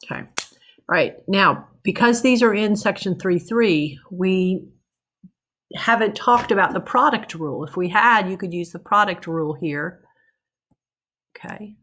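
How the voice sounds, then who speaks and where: A woman's voice: medium pitch, a little slow, a bit bright. A woman teaching math in a recorded lecture, working through problems in a conversational way, checking in with "okay?" and correcting herself as she goes.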